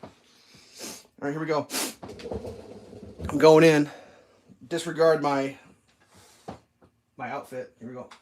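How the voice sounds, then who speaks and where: A man's voice: on the high side, fairly even intonation, slow pace, pauses often, background noise. A man vlogging casually while cooking in his home kitchen, rambling and chatting with his dog.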